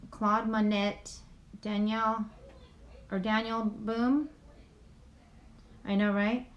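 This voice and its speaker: A woman hosts a casual YouTube livestream from home, her medium-pitched voice steady and slow on a muffled recording. As she reads a list of names aloud, she keeps apologizing for mispronouncing them.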